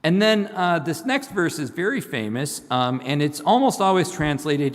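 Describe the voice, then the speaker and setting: A man's voice: fairly high pitch, expressive, moderate pace, few pauses. A middle-aged man, a seminary professor, giving a church lecture, explaining word meanings and reading scripture aloud with frequent ums. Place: church hall. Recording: long reverb of a large hall.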